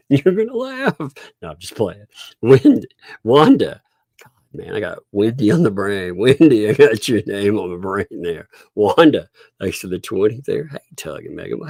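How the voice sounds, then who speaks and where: A man's voice: on the low side, creaky, darkish tone, no echo, studio quality. A middle-aged man hosting a casual livestream, chuckling often as he reads out and thanks donors. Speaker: livestream host. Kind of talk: casual livestream chat reading donations.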